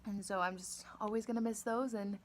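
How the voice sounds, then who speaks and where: A young woman speaks to a departing friend in a recorded message. Her voice is mid-pitched and ordinary. She sounds sincere and easygoing, as if chatting. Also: steady tone, brisk. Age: young adult.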